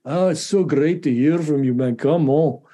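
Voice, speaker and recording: A man doing a friendly, calming impression of a male percussionist friend. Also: a little high, close to an everyday voice. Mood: cheerful. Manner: friendly, calming, drawn-out greeting. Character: warm, laid-back male percussionist friend.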